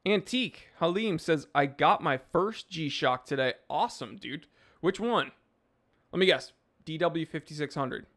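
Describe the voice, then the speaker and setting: A man's voice: on the high side, lively intonation, measured pace, fairly bright tone. A man hosting a live stream, reading chat messages and answering in a laid-back, rambling way with lots of fillers.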